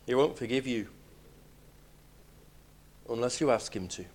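Guy preaching a sermon, emphatic, goes loud then real quiet. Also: medium pitch, unhurried. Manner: emphatic preaching, swinging between loud declarations and hushed lines.

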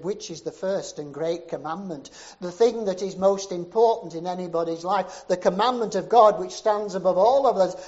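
A man preaching a sermon as a story, with rhythmic repetition that swells to emphatic peaks and sinks low again. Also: darkish tone. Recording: dull, muffled sermon recording.

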